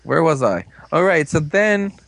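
A man casually recapping a TV episode, rambling and joking with quick asides. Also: fairly high pitch, very animated, gravelly, fairly bright tone. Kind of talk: casual chat.

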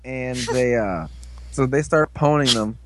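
A man giving an excited, casual recap of an episode, slipping into quick character voices. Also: medium pitch, noisy background. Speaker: fan commentator.

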